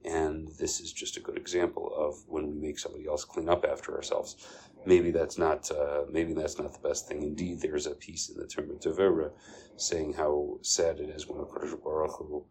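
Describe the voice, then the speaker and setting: A man's voice: a bass voice, flat delivery, normal speed, darkish tone, slight background noise, poor audio. A man giving an informal Torah talk, telling stories and stopping often for fillers. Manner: storytelling with many fillers and Hebrew terms. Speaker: Torah teacher.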